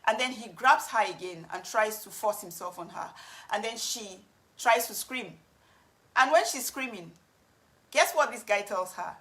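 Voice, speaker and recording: A woman's voice: medium pitch, lively intonation, a little slow, a bit bright. A woman telling a personal story to camera, earnest and frank. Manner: earnest, frank, with some restarts. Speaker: vlogger.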